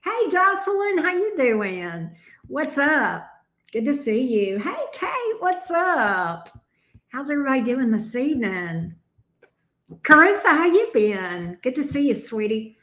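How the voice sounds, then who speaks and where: A woman with a Southern US accent chats casually on a live stream, greeting her viewers one by one. Her voice sits high and bright. The room around her has a noticeable echo. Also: big pitch swings, unhurried. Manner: chatty, greets viewers by name. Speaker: tarot reader hosting a live stream.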